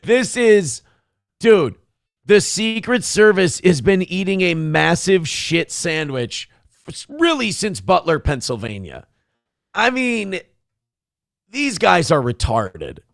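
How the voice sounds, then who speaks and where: Gravelly, animated man ranting on a live show. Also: high-pitched, takes it slowly, dry recording, clean studio sound. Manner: profane, ranting, sarcastic. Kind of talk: live-stream rant reading chat.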